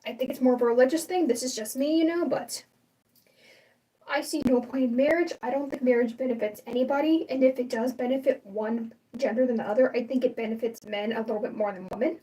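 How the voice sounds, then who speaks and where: A woman's voice: fairly high pitch, fast, mellow, recorded from a distance, rough recording. A young adult woman hosting a casual livestream, rambling and opinionated with lots of fillers and restarts. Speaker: livestream host.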